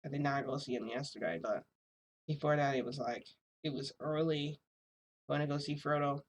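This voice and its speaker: A woman's voice: low voice, steady tone, moderate pace, slight background noise. A woman telling a rambling story to her viewers in a casual vlog, full of "like" and small laughs. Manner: rambling, filler-heavy, frequent "like"; laughs between phrases. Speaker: vlogger.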